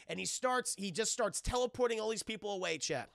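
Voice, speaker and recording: A young adult man recapping a film on a live stream in a casual, animated, profane way, talking to his chat. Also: high voice, fairly quick, creaky, hardly any pauses, no echo, clean studio sound.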